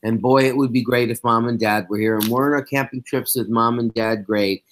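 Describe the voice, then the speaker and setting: A man's voice: mid-range voice, fairly even intonation, a little fast, a little hiss or hum. A middle-aged man co-hosting a podcast, recapping an episode in a wry, sarcastic casual chat. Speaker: podcast co-host.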